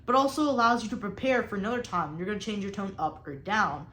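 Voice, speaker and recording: A woman's voice: mid-range voice, animated, fast, fairly bright tone, echoey room. A young woman who coaches debate, explaining speaking technique in an instructional talk and stressing key words on purpose. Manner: explanatory, emphatic, varies tone on purpose.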